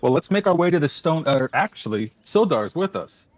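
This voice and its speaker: A man playing in a tabletop game, describing his character's moves haltingly as he thinks aloud. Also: fairly high pitch, big pitch swings, no room sound. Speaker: player. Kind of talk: tabletop role-play.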